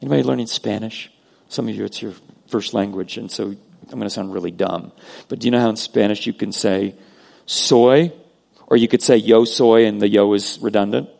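A man preaching a sermon as pastor, earnest, moving between loud emphasis and hushed prayer. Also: on the low side, normal speed, vocal fry. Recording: long hall reverb.

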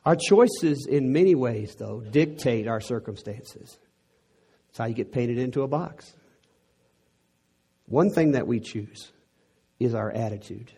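A man's voice: mid-range voice, expressive, a little slow, long pauses, mellow, breathy edge. A middle-aged man from Texas with a Texan accent, preaching a sermon in an earnest way that builds to emphatic peaks.

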